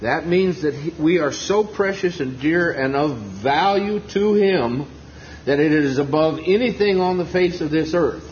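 A man's voice: a little high, animated, a little slow, a little mellow, a little hiss or hum. A man explaining a Bible parable earnestly, with many fillers, in a dull lo-fi meeting recording. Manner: earnest, with frequent fillers and restarts. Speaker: preacher at a Bible reading. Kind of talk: Bible exposition.

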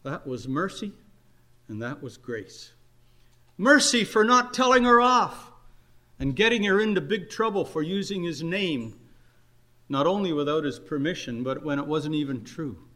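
Older male preacher, slightly high voice, earnest sermon storytelling with soft-to-loud swings. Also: lively intonation, a little slow.

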